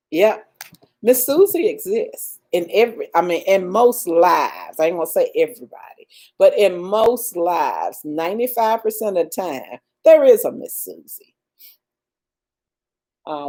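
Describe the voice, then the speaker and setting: An older woman chats slowly on a home livestream, drawing out her words with a mellow, dark tone. She laughs often and sprinkles in praise and blessings as she answers viewers. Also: fairly low pitch. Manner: slow, drawn-out and warmly religious, laughing often. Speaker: livestream host reading viewer comments. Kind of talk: casual livestream chat.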